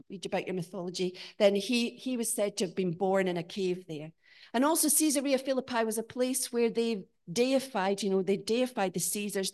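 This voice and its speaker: A woman delivers a sermon in church with real animation. Her voice climbs and gets louder on the big points, then falls to a hush for the searching questions she puts to the congregation. Her pitch sits in a middling range for a woman. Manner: animated, rising to emphatic peaks and dropping to quiet questions. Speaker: preacher.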